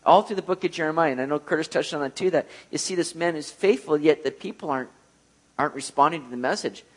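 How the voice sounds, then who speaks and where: A man's voice: a little high, fast. A man preaching a sermon in a conversational way, often checking in with "right?" and acting out the people he quotes. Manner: conversational, keeps asking "right?"; acts out quoted voices.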